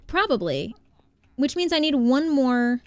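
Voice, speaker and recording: Young woman streamer, casual and chatty, slightly high voice, dry close mic. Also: very animated, a little slow, no echo. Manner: chatty, thanks viewers by name, thinks aloud. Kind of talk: casual live-stream chat while gaming.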